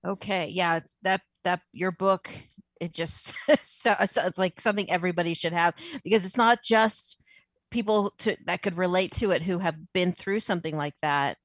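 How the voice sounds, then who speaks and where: A woman with a lowish voice hosts an interview in a casual manner. She responds with short agreements and sounds dry and close. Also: normal speed, no echo.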